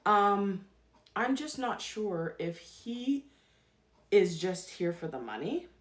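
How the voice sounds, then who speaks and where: A woman's voice: mid-range voice, big pitch swings, slow pace, echoey room. A woman hosting a podcast, giving casual commentary and repeating her points emphatically. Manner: emphatic, repeats herself for stress. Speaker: podcast host.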